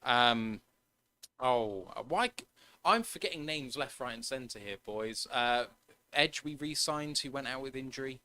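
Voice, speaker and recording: A man's voice: mid-range voice, animated, measured pace, sharp tone, smooth. A man co-hosting a sports podcast, casually running through a player's numbers and laughing at his own slips. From United Kingdom. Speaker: podcast co-host.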